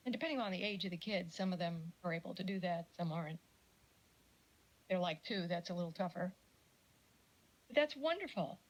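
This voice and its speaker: A middle-aged woman giving a casual lecture on parenting, chatty and animated, with jokey asides and little acted-out quotes. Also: on the low side, fairly quick, long pauses, rough recording. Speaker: speaker giving a talk on parenting.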